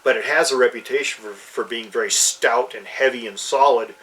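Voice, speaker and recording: Co-host: man of mid pitch, loose and rambling, sits a little back from the mic. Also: brisk, fairly bright tone, recorded from a distance, low-quality recording. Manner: rambling, many fillers and restarts. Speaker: podcast co-host. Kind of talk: casual chat about fantasy games.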